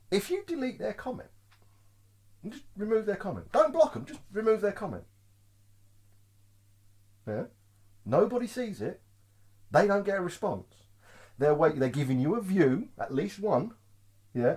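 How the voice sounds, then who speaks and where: A man vlogging as a truck driver, ranting casually to camera, often laughing and checking in with the viewer. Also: a little high. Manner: lively, keeps asking "Yeah?" to the viewer; laughs often between points.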